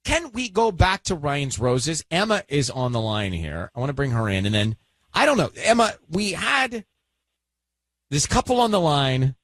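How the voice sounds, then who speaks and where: A male radio host leading studio banter in a brisk, teasing way. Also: on the high side, very animated, a bit bright, no room sound. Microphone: studio microphone.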